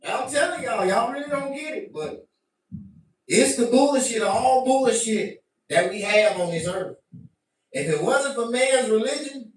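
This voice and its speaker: A man doing a profane stand-up rant to his stream, animated and bursting into shouts. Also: sits high, slow, pauses often. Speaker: comedian. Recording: very echoey room, mic at a distance.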